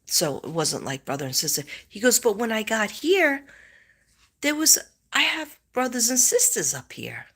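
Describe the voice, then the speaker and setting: A woman's voice: fairly high pitch, very animated, normal speed, a bit bright, husky. A middle-aged woman chatting casually on a live stream as a psychic host, rambling as she retells a story.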